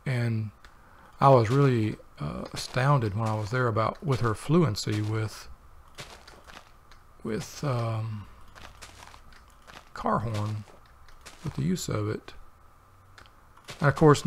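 Guy doing a game commentary, gravelly voice, wanders off topic a lot with dry little jokes and lots of ums, bit of hiss. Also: mid-range voice. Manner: meandering, wry, thinks aloud with many fillers. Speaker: let's play host. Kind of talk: rambling gameplay commentary.

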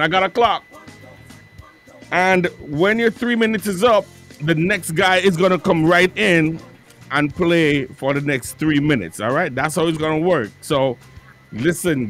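A man hosting a live radio contest, laying out the rules briskly and repeating himself. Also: on the high side, a bit bright. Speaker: radio host and clash referee.

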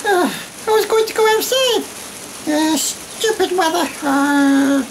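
A man putting on a very high, squeaky voice for a cheeky, sarcastic sidekick character in a comedy sketch. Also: lively intonation, creaky, background noise, full character voice. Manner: sarcastic, slow quips.

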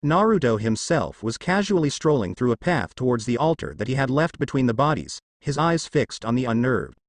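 A man narrating a fanfic story in a steady storytelling way. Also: medium pitch, brisk, no echo, studio quality. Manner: steady storytelling, lively intonation. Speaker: reader.

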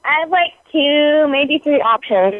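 Breathless flustered caller, woman, 21, high voice, tinny phone line. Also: expressive, measured pace, dry recording.

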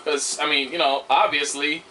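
A man's voice: on the high side, level tone, normal speed, noisy background. A young man giving casual gameplay commentary, frustrated and swearing as he rambles. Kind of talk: casual let's-play commentary.

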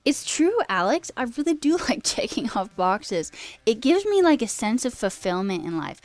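A woman streaming as a coding host, chatting casually and rambling with self-deprecating asides while her pitch jumps up mid-sentence. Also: very animated, moderate pace, no echo. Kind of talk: casual live-stream chat.

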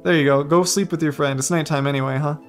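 A man's voice: on the high side, steady tone, quick pace, faint music behind. A male streamer giving casual, playful gameplay commentary, giggly and full of exclamations.

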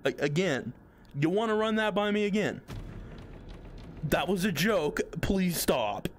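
A man's voice: sits high, lively intonation, measured pace, a little hiss or hum. A young man giving nervous, jumpy commentary while playing a horror game, swearing and pleading with what he sees. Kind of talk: nervous let's-play commentary.

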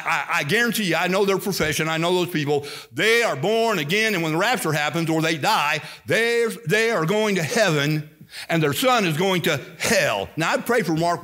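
An older man from Indiana with a slight Southern-sounding accent, preaching an emphatic sermon as pastor. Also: mid-range voice. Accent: slight Southern-sounding American. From Indiana, USA. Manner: emphatic, animated preaching with quoted asides.

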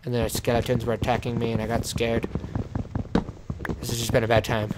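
A man's voice: medium pitch, completely flat delivery, a little fast. A man hosting a let's play, giving gameplay commentary in a playful way and chatting to and scolding his in-game animal. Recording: clear background noise with clicking.

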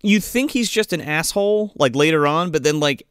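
A man's voice: on the high side, lively intonation, normal speed, fairly bright tone, clear, resonant tone, no echo, clean studio sound. A man co-hosting a casual movie podcast, rambling and swearing freely, often laughing mid-sentence. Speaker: podcast co-host.

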